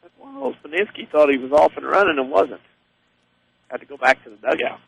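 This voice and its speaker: Relaxed man doing color commentary. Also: on the high side, quick pace, gravelly, breathy edge, no room sound, low-quality recording. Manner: relaxed, conversational. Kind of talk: casual radio sports banter.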